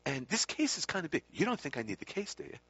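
A man voicing an excitable older male guru who loves gadgets and asks the same question with the same inflection each time. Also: fairly high pitch, fast, no echo, pitched above the performer's own voice. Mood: eager. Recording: dull lo-fi recording.

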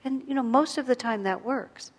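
A woman's voice: high voice, moderate pace, in a large hall. A woman giving an evening spiritual talk to a gathered group, telling stories about herself in a reflective way and laughing lightly at her own mistakes. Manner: reflective, storytelling, self-deprecating with light laughs. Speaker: spiritual teacher.

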